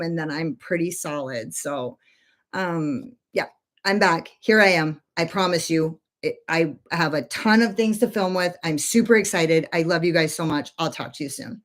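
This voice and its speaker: A woman's voice: fairly low pitch, moderate pace. A woman in her forties chatting casually on a makeup livestream from her bedroom, rambling with lots of fillers and free swearing. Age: 40s.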